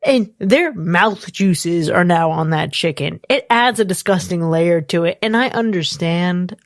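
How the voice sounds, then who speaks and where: A woman's voice: fairly low pitch, unhurried, dry recording, studio quality. A woman co-hosting a movie review podcast, talking animatedly and swearing freely in casual chat. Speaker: podcast co-host.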